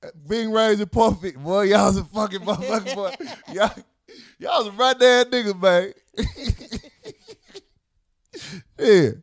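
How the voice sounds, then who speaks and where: A young man co-hosting a casual chat show, ranting loudly in a profane, joking way. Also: high-pitched, slow pace, pauses often, no room sound, clean studio sound. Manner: loud, profane, joking rants. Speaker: podcast co-host.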